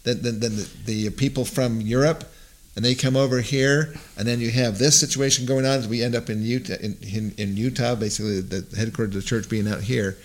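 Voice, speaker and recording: A man's voice: mid-range voice, steady tone, brisk. A man in casual conversation, often adding short agreements and finishing thoughts. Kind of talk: casual chat.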